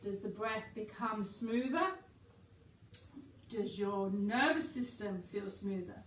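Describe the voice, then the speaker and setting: Female yoga teacher, calm and chatty, encouraging; distant mic in an echoey room. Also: mid-range voice, slow, slight background noise. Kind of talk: guided yoga class.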